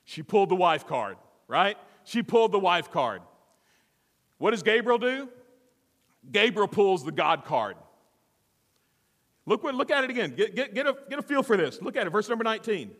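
A lively male preacher with a high voice that swoops widely, acting out scenes and firing questions at his listeners. Long reverb rings around him in a large hall. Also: normal speed, pauses often. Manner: animated, theatrical, questions the audience. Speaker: pastor. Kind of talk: sermon.

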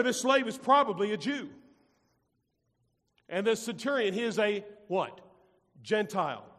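A man's voice: high voice, a bit bright. A man preaching a sermon to his congregation, emphatic and repetitive, putting questions to the listeners. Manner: emphatic, repeats phrases, asks the congregation questions. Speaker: pastor. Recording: long hall reverb.

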